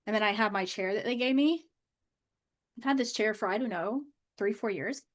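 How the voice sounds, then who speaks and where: A woman's voice: mid-range voice, moderate pace. A woman coach chatting casually on a live stream from her home office, bubbly and loose, with lots of "like" fillers. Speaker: manifestation coach.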